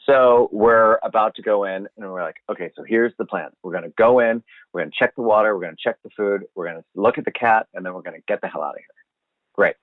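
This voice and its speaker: A man telling a funny story in a casual chat, animated and swearing, acting out what he said at the time. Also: on the low side, fast, dry recording. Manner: animated, swearing, acts out his own quotes. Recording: dry, phone-like sound.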